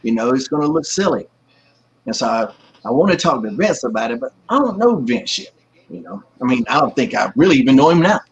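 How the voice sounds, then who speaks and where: Brisk and medium-pitched, a man in his forties, a professional wrestler, recounts casual stories as a guest in an interview done over video call. He acts out the people he quotes with lively energy. He's at home with kids and a pet nearby, and the recording is slightly muffled and husky lo-fi.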